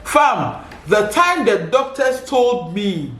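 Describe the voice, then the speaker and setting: A woman's voice: medium pitch, lively intonation, slow, pauses often. A woman with a Ghanaian English accent gives an emotional faith testimony, speaking fervently and repeating rhetorical questions. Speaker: vlogger sharing testimony. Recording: echoey room.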